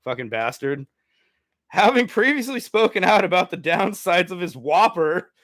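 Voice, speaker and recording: Dude reading weird news n swearing a lot, kinda high voice, bounces all over the place. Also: male voice, normal speed, dry recording, clean studio sound. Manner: crude, swearing, giggling asides, animated swings from mutters to exclamations. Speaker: comedy news show host. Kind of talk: reading and riffing on news stories, casual comedic chat.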